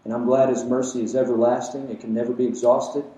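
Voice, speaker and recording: Echoey, mellow-voiced man preaching. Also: medium pitch, level tone, quick pace. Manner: emphatic, rhetorical questions, swings loud to quiet. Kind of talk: sermon. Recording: echoey room, mic at a distance.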